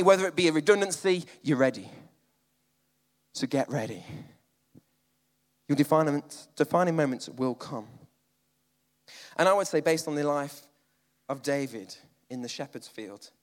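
A man preaching a sermon, moving between loud emphatic lines and quiet, almost whispered ones. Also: on the high side, in a large hall.

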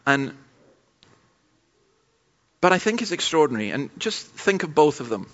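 A man's voice: on the high side, big pitch swings, moderate pace, a bit bright, a little hiss or hum. A man preaching a sermon at a church camp, telling stories in a conversational way with frequent asides. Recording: dull lo-fi sermon recording.

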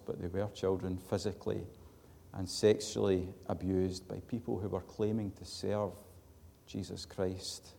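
In a sermon, a gravelly, lowish-voiced Scottish man tells a sincere story from his own life, swelling to booming emphasis and sinking back down to quiet. The hall adds a long reverb.

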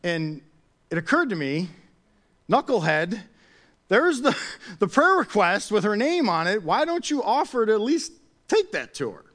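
Male pastor, fairly high voice, swings all over, chatty sermon storyteller. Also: measured pace, long pauses. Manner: animated, chatty storyteller with restarts.

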